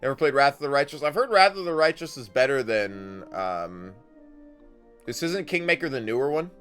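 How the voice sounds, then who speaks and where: Rambling, bright-voiced male streamer. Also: mid-range voice, animated, moderate pace. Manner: rambling, swears casually. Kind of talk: casual gameplay commentary. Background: faint game music.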